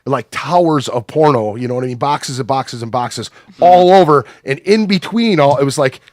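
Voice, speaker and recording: A man's voice: medium pitch, lively intonation, normal speed, a little mellow, no room sound, studio quality. A man with an Upper Midwest American accent telling crude stories on a podcast in a rambling, profane way, with plenty of fillers. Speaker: podcast guest. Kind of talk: casual storytelling.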